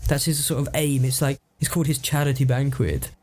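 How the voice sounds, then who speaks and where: A man's voice: mid-range voice, fairly even intonation, fairly quick, a little mellow. A man co-hosting a podcast, talking through story ideas with frequent restarts. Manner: hesitant, many restarts and fillers. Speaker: podcast co-host. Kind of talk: casual brainstorming chat.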